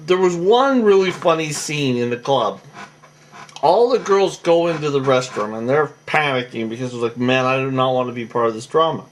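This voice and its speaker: A tired man recapping a reality show in a rambling, casual monologue full of fillers and restarts. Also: a little high.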